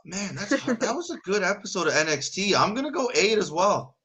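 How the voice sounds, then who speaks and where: Bright-voiced enthusiastic male co-host. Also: high voice, sing-song, fairly quick, breathy edge. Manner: enthusiastic, rambling with restarts. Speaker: co-host of a wrestling watch party stream. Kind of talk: casual live-stream chat.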